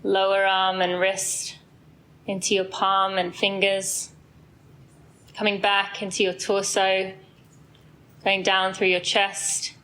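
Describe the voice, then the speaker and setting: A woman host leading a group through a slow, calm body scan before a run, with soft fillers. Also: medium pitch, slight background noise, poor audio. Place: indoor space with a group, then outdoors on a street.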